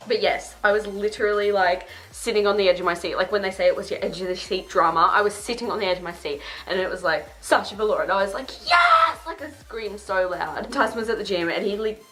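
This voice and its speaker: A woman's voice: mid-range voice, steady tone, fast talker, few pauses. A young woman, chatting casually and self-deprecatingly while doing her makeup on camera. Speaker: beauty vlogger.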